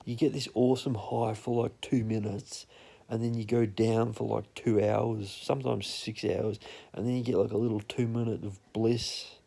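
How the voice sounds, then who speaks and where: A man's voice: lowish voice, level tone, moderate pace, creaky, mellow, slightly rough, dry recording. A young man with an Australian accent telling rambling, profane anecdotes in a blunt, casual way. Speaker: storyteller.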